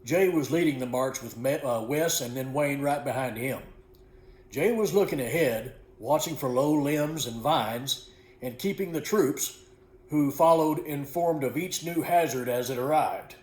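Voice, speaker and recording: A man reading aloud from a book he wrote, in an unhurried, folksy way, correcting small slips as he goes. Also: medium pitch, darkish tone. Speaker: author reading his own book. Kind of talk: storybook narration. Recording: echoey room.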